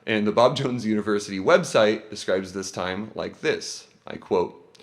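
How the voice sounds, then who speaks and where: A man's voice: on the low side, normal speed. A man hosting a casual podcast, telling a history story with a lot of swearing and laughter. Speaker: podcast host presenting research.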